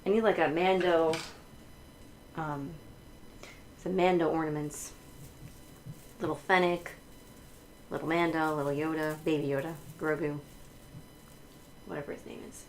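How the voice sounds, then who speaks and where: Chatty stream host, woman, lower voice, laughs a lot, loose and unscripted. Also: fairly even intonation, unhurried, long pauses, slight background noise, poor audio. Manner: chatty, laughs often, many fillers. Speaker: livestream host. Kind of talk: casual chat while decorating.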